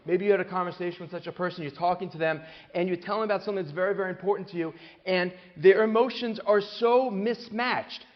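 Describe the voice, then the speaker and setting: A man giving a lively talk on parenting to a live audience, acting out quoted voices with a joking touch. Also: high-pitched, fast. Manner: animated, acts out quoted voices with jokes. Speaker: speaker on parenting. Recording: long hall reverb, dull lo-fi sound.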